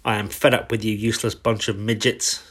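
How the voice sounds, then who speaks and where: A man's voice: fairly low pitch, fairly quick, fairly bright tone, slightly rough. A man voicing a huge, furious, bullying headmistress who roars every line. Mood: furious roaring. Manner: roaring, bellowing.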